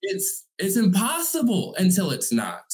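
Animated, earnest man coaching parents. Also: high-pitched, measured pace. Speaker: single parent life coach, guest. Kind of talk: conversational interview.

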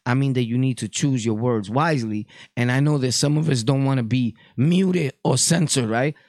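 A man's voice: mid-range voice, moderate pace, darkish tone, no room sound, clean studio sound. A Puerto Rican man hosting a podcast, delivering a blunt, profane casual monologue. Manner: blunt, profane street talk. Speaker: podcast host.

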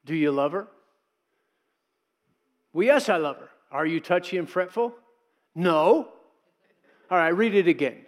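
A man's voice: high voice, expressive, unhurried, pauses often, in a large hall. A middle-aged male pastor preaching a sermon in a conversational way, acting out quotes and adding asides.

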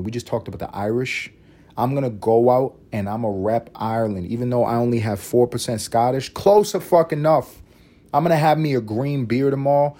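A man from Puerto Rico hosts his podcast in a rambling comic monologue. His voice is dark and slightly husky, sitting at a middle pitch. He swears freely and jumps into loud, animated bursts. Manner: animated, profane, riffing with sudden loud bursts. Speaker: podcast host. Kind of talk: casual comedic monologue.

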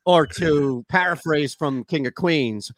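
Higher-voiced sports talk host. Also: male voice, slow.

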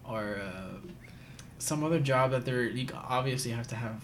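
A man's voice: medium pitch, normal speed. Man, podcast host, casual chat, loose and profane, faint noise. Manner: loose, profane storytelling with frequent laughs.

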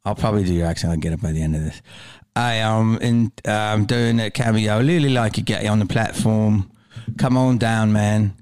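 A man hosting a podcast, chatting casually and telling stories with an excitable, joking manner. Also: fairly low pitch, fairly quick. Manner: excitable, joking, animated storytelling. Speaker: podcast host. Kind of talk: casual interview chat.

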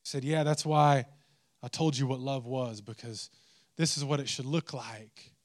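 A man preaching a sermon, animated and humorous, swinging into mock exasperation. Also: mid-range voice, moderate pace. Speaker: pastor.

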